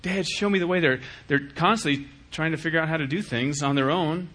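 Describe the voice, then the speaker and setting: A middle-aged man preaching a sermon as pastor, acting out little dialogues in an animated way. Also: a little high, fairly quick. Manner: animated, acts out dialogues with shifting voice.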